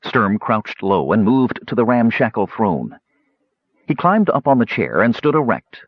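A man reads a fantasy story aloud in an expressive way, with a lively melody that rises and falls. His voice is husky, and the recording is dry and slightly dull. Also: fairly low pitch, measured pace, no echo. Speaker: audiobook narrator. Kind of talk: scripted narration.

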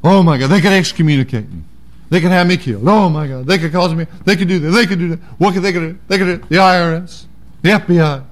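A man's voice: fairly high pitch, fast, voice pushed up, close to an everyday voice. A man voicing a panicking man who frets over powerful enemies, frantic and repeating himself. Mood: panicky.

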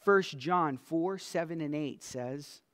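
A man preaching a sermon as pastor. His voice drops to a hush and then swells into loud, emphatic lines. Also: a little high. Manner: swings from soft, hushed lines to loud emphatic declarations; slow and deliberate, stretching out scripture lines.

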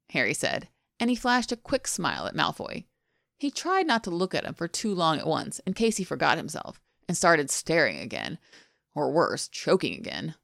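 Woman narrating fan fiction, gravelly. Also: medium pitch, sing-song, moderate pace, no room sound, studio quality. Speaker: podfic reader.

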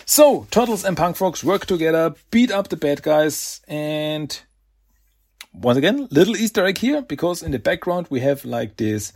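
A man with a husky voice talks through a comic issue in a relaxed, chatty recap. His pitch sits a little high and moves a lot, so the telling sounds animated. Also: moderate pace. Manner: chatty, animated retelling with laughs and voiced asides. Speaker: podcast host. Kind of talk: casual comic book recap.

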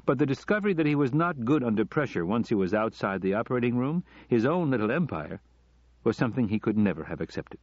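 A man narrating an audiobook story in a measured, even storytelling manner. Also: mid-range voice, dry recording. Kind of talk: scripted narration. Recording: slightly dull lo-fi recording.

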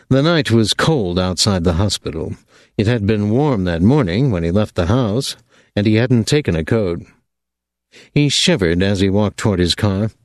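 A man with a low voice reads a novel aloud, his delivery swinging freely up and down. He sounds close to the mic in a dry, dead room. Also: no room sound. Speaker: audiobook narrator. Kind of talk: scripted narration.

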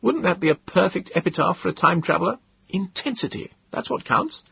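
A man voicing an eager, bookish young male time traveller in an audiobook, with a husky voice and a bright, quick manner. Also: sits high, expressive, no room sound, voice pushed up, full character voice. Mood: lively. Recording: dull lo-fi dry audiobook.

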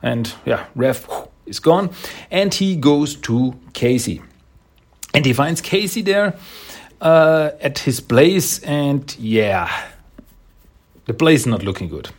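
A man's voice: medium pitch, animated, slow, long pauses. A man casually recapping a comic book issue in a rambling, hesitant way, with many restarts and chuckles.

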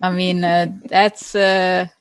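A woman's voice: fairly low pitch, flat delivery, slow, smooth, no room sound. A woman, a guest on a podcast, talking chattily with hesitant restarts and fillers. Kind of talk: casual conversation.

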